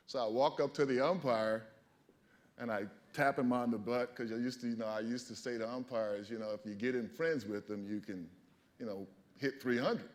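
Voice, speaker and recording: A man's voice: medium pitch, moderate pace. A man in his fifties, a former ballplayer, telling stories at a library event, acting out his reactions and laughing as he talks. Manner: animated storyteller, laughs often, acts out his own reactions. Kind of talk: storytelling talk at a library event. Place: public library event hall.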